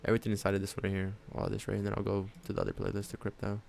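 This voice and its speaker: A man's voice: fairly low pitch, monotone, racing, gravelly, darkish tone, slight background noise. A man live-streaming his day trading, talking casually and thinking aloud about chart levels, often tossing in "honestly" and "man". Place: at home at his trading desk with his dog on his lap.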